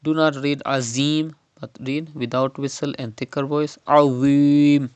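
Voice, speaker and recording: A man teaching Quran recitation step by step, slowly modelling and repeating each word's pronunciation. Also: medium pitch, steady tone, dry recording, muffled recording.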